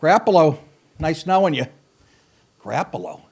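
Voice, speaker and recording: Middle-aged man, podcast host, profane rambling comic monologue, lively swooping pitch, fairly high voice. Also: normal speed, husky. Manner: rambling, swearing, self-mocking storytelling; wry asides, breaks into laughter.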